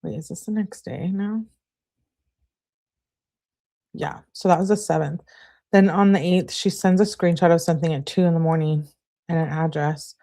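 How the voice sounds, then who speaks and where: A woman hosting a casual live reading, reading text messages aloud and pausing to comment and correct herself. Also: on the low side, steady tone, vocal fry, mellow. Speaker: channel host reading texts aloud.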